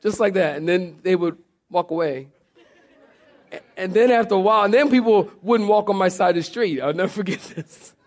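A man's voice: sits high, a little fast, some chatter behind. A man preaching a sermon, telling stories with humor, restarting phrases and speaking straight to his congregation. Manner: animated storytelling with humor and repeated restarts; addresses the congregation directly. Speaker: pastor.

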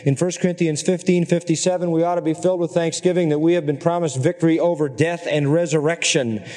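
A middle-aged man preaching a sermon, earnest and emphatic, at times climbing into high, excited exclamations. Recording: long hall reverb.

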